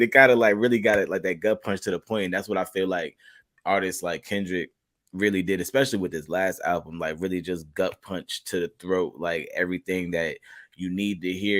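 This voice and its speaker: A man's voice: low-pitched, steady tone, moderate pace, pushed and bright, no room sound, clean studio sound. A man hosting a podcast interview, talking in a laid-back, rambling way full of casual filler phrases. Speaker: podcast host.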